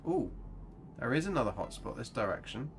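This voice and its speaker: A man's voice: mid-range voice, expressive, brisk, vocal fry, soft background music. A British man giving chatty, rambling gameplay commentary on a livestream, swearing casually. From England. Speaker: gaming livestreamer.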